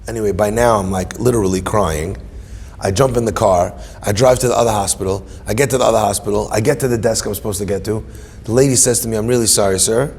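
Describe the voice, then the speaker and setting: A man's voice: lowish voice, a little fast, vocal fry, breathy edge, in a large hall. A man, a rabbi, telling a personal story in sermon style and acting out the dialogue. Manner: animated, acts out dialogue in quotes.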